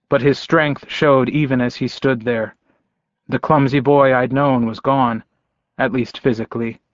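A man reading a first-person audiobook in an unhurried, measured manner. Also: medium pitch, no room sound, muffled recording. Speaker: audiobook narrator.

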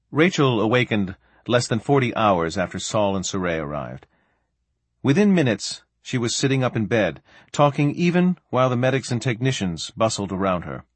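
A man narrating an audiobook in an expressive, varied delivery. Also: lowish voice, normal speed, slightly rough, no room sound. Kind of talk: scripted narration.

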